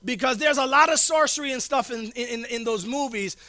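Preaching briskly with no echo, a pastor keeps his sermon informal and full of slang. He hammers key phrases through repetition and alternates between booming declarations and quiet asides.

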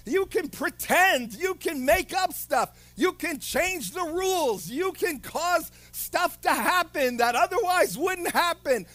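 A man preaching a sermon in an impassioned, dramatic way, often building up to shouts. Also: very high-pitched, no echo.

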